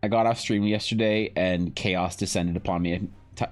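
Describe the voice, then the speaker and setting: A man streaming live while drawing, chatting casually in a rambling, joking way with animated asides. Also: low voice, normal speed, soft background music. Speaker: streamer and game master. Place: home streaming setup.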